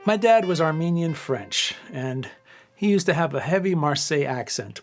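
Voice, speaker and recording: A middle-aged man, an audiobook producer, telling his life story in a relaxed, rambling interview. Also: fairly high pitch, normal speed, soft background music. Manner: relaxed, rambling anecdotes with fillers. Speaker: audiobook studio owner.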